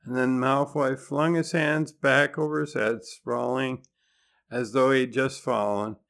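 A man's voice: medium pitch, fairly even intonation, unhurried, vocal fry, fairly bright tone. A man hosting a podcast, narrating in a conversational way with dry, wry humor. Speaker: podcast host.

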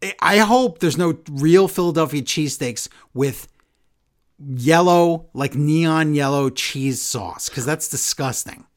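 A man casually chatting as a podcast co-host, recapping wrestling in an animated way and acting out quotes. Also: on the high side, slow pace. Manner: animated recapping, acts out quotes in shifting voices. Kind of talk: casual chat.

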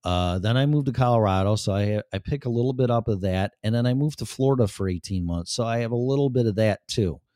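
Blunt Chicago-accented man in his fifties, lowish voice, profane rambling podcast host, dry close mic. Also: fast, hardly any pauses, mellow, no room sound. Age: 50s. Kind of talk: casual monologue to listeners.

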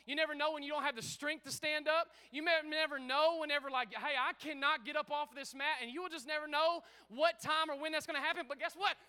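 High bright-voiced preaching pastor. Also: male voice, fairly even intonation, quick pace, hardly any pauses. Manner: emphatic preaching with call-outs to the congregation. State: out of breath. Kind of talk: energetic sermon.

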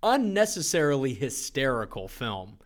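A man's voice: mid-range voice, big pitch swings, normal speed. A man co-hosting a movie podcast, joking and upbeat, with frequent fillers. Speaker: podcast co-host. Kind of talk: casual movie chat.

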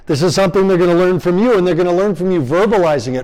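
Male parenting workshop presenter, slightly high voice, animated, acts out parent-child exchanges for a live audience. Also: very fast, hardly any pauses, rough recording.

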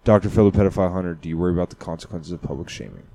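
Crude joking podcast host, lowish voice. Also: male voice, racing, gravelly, mellow. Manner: crude, joking, reacting to clips. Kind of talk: casual comedic commentary. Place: comedy theater stage, live audience.

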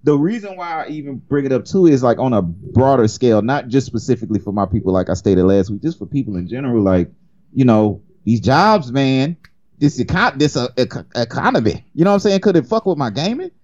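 A man's voice: medium pitch, animated, brisk, a little mellow, lo-fi sound. A young man co-hosting a podcast in casual chat, joking, cursing freely and getting worked up. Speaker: podcast co-host.

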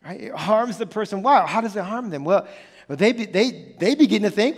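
A male pastor with a notably high voice delivers an earnest sermon, hammering his points by repeating them. His words trail off into a long, ringing reverb from a large hall. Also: lively intonation, moderate pace. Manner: earnest, repetitive emphasis with many restarts.

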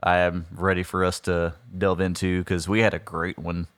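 Low-voiced man, hesitant and easygoing. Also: flat delivery, normal speed, fairly bright tone, no room sound, studio quality. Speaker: podcast co-host. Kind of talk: casual chat.

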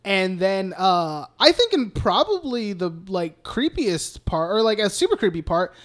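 A man's voice: high-pitched, very animated, a little slow, a bit bright. A man co-hosting a casual film podcast, recapping scenes in a rambling way with lots of swearing and filler words. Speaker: podcast co-host.

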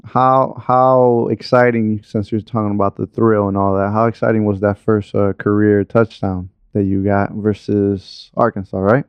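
A man hosting a relaxed sports interview, his voice low and smooth. He keeps his answers short and affirming. The sound is dry and close, but dull. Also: no room sound. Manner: laid-back, affirming, quick short replies. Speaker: interviewer, host.

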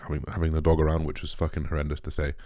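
A young man talking candidly and emotionally to his viewers, halting often, restarting sentences and swearing. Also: very deep voice, completely flat delivery, warm tone, no echo, studio quality. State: emotional, shaken. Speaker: vlogger. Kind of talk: candid personal talk to camera.

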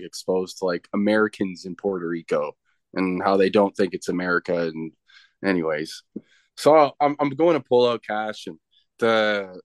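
A man's voice: low voice, a bit bright, no echo. Rambling Canadian man telling a story. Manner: rambling with many restarts and fillers, chuckling. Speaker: professional wrestler, guest. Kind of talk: casual storytelling chat.

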